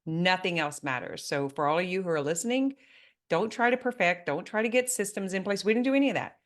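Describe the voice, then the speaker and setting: A woman's voice: on the low side, a little fast. A woman hosting a business interview, speaking emphatically and turning to address the listeners as a coach. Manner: animated, emphatic, talks directly to listeners. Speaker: business coach and podcast host.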